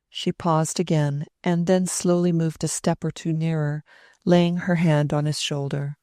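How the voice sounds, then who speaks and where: Woman narrator, deep-ish voice, dry booth sound, measured classic-novel reading. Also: steady tone, mellow, no echo. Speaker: audiobook narrator.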